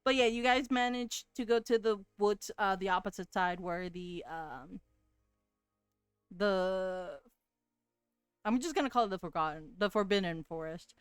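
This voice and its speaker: A woman narrating a tabletop role-playing game as game master, pausing often with fillers as she thinks. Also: mid-range voice, smooth, no echo, faint music behind. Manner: hesitant, lots of fillers.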